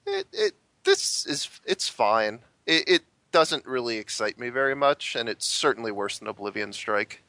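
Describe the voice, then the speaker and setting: A man who is a guest on a podcast, talking in a measured way with hesitant restarts. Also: mid-range voice, very animated, sharp tone, no room sound. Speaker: podcast guest, professional card player. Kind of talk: casual interview chat.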